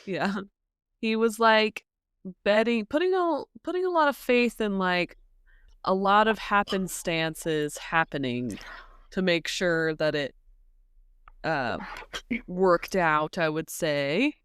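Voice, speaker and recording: A woman co-hosting a podcast, chatting casually and hesitantly with lots of ums, retelling a story and popping into high voices for the characters. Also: expressive, slow, long pauses, a bit bright, clear, resonant tone, no echo, clean studio sound. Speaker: podcast co-host. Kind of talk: casual book-discussion chat.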